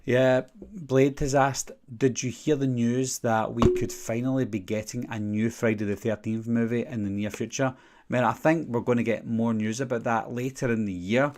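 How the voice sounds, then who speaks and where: A man's voice: medium pitch, steady tone, normal speed, a little mellow. A young man with a Glaswegian Scottish accent, hosting a casual live-stream Q&A and rambling through viewer questions with many fillers. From Scotland. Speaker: channel host.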